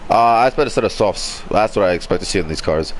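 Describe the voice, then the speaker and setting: Excited guy calling a sim race, stumbles over words, bit of hiss behind. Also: fairly low pitch, quick pace. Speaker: race commentator. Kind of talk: excitable esports commentary.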